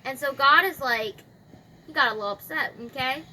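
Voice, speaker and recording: A woman retells a scripture story in loose, slangy chat with plenty of fillers. Her voice is high and bright, with a faint hum of background noise. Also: normal speed. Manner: chatty, slangy, filler-heavy.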